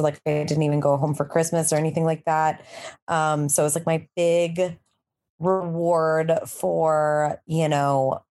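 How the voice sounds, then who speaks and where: A young woman guest on a comedy podcast, telling a personal story in a relaxed, unhurried way. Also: low voice. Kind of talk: improv and casual storytelling.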